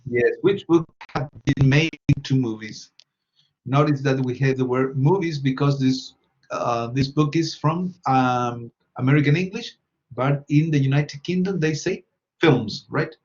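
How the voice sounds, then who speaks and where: Slow, patient male teacher. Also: medium pitch, a little mellow, highs cut off. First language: Spanish. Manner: patient, repeats questions and prompts students. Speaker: English teacher. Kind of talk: classroom English lesson.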